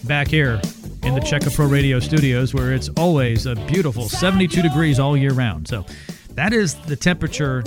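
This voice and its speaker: A man's voice: medium pitch, fairly quick, music in the background. A man hosting a radio talk show, chatting with his guest and reading phone-number promos. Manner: conversational, reads call-to-action promos.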